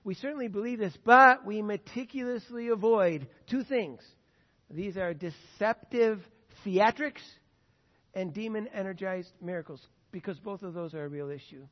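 Pastor telling stories in a reverberant church. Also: male voice, high-pitched, moderate pace. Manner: conversational, animated anecdotes with quoted voices. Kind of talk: sermon with storytelling. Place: church sanctuary. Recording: muffled church recording with long reverb.

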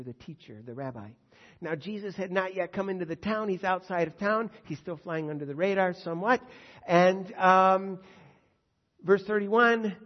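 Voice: mid-range voice, long reverb tail, muffled recording. A pastor teaching verse by verse through a Bible passage in a conversational, earnest way, with frequent fillers.

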